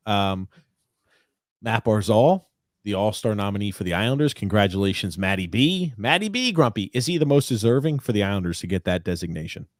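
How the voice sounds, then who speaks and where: Lively, joking male podcast host. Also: mid-range voice, no echo, clean studio sound. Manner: rambling and joking, with frequent fillers and restarts. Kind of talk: casual sports podcast chat with ad reads.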